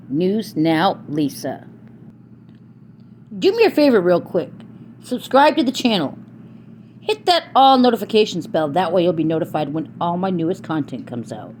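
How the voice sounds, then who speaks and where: A woman's voice: medium pitch, darkish tone, a little hiss or hum. A woman giving casual, slangy reaction commentary as a YouTube host. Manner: slangy, chatty and direct.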